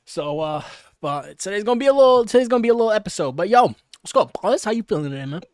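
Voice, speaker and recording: A man's voice: high voice, animated, quick pace, no echo, clean studio sound. A man co-hosting a streaming podcast, chatting casually and hesitantly, agreeing often. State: hiccups. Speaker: podcast co-host. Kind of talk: casual chat.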